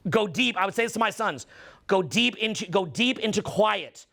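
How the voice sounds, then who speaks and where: A middle-aged man giving an intense, preachy motivational monologue, swearing and slowing down to stress his points. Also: high voice, expressive, creaky, bright, forceful tone. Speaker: dating and social skills coach.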